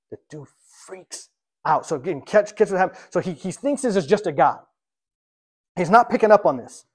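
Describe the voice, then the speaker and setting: A male pastor delivers a sermon, retelling scripture in an animated storytelling way. His voice sits a bit high for a man. He pushes some lines out loud and then drops to a near hush for the next. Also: moderate pace. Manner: emphatic, animated storytelling with swings in loudness.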